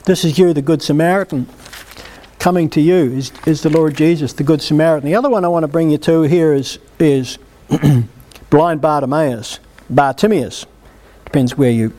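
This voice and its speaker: A man preaching a sermon at a healing meeting, emphatic and animated as he exhorts the congregation. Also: a little high.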